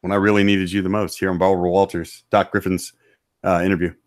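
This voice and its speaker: A hoarse man, a voice actor, talking crudely and jokingly as a podcast guest. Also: low-pitched, flat delivery, quick pace, no room sound, studio quality. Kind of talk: casual podcast chat.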